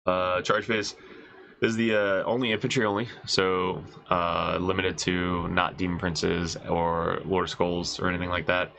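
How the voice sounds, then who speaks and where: A man with a congested voice, casually reading out and reacting to game rules as a host, excited and swearing, thinking aloud. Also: deep voice, a little slow, creaky, slight background noise, poor audio. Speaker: wargaming video host reviewing rules.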